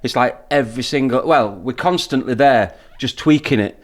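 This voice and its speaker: A man co-hosting a podcast in a relaxed, easygoing way. His casual talk is sprinkled with swearing. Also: mid-range voice, normal speed, a crowd in the background. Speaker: podcast co-host.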